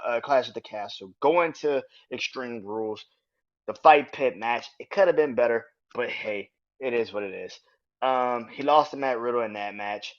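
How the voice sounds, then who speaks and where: A man hosting a podcast, talking casually and excitably about wrestling and swearing freely. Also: medium pitch. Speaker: podcast host. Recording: dull lo-fi sound.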